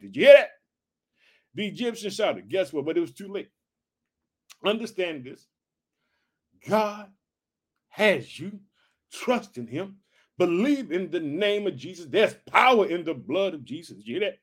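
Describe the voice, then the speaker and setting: A man reading scripture aloud and breaking off into fervent, exclamatory preaching, swinging between loud bursts and soft asides. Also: high voice, expressive, moderate pace. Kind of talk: Bible reading with fervent commentary.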